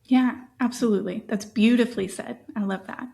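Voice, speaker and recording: A woman's voice: fairly high pitch, fairly even intonation, a little fast, vocal fry. Affirming woman hosting an interview. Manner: warm and affirming, with many short agreements. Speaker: podcast host. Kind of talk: conversational podcast interview.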